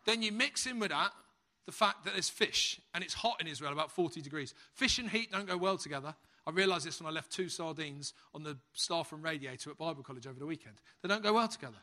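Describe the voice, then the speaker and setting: Bright, lively British preacher. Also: male voice, on the high side, quick pace. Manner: humorous, lively storyteller. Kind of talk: sermon.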